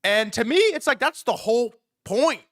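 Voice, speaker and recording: A young man doing casual livestream commentary, excitable, swearing often, repeating himself and talking straight to his chat. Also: very high-pitched, normal speed. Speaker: streamer reacting to news.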